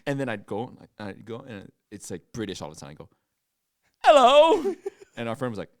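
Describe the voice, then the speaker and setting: A man co-hosting a podcast, telling stories in casual chat with animated, jokey delivery and quick silly impressions. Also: no echo, studio quality. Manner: animated storytelling, bursts into silly high impressions. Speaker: podcast co-host.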